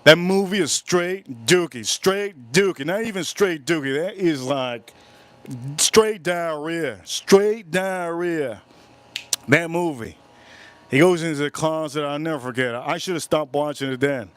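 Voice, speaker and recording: A man's voice: on the high side, normal speed, no echo. A man hosting a live stream, chatting casually and rambling while he answers viewers' comments. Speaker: livestream host. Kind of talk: casual livestream chat.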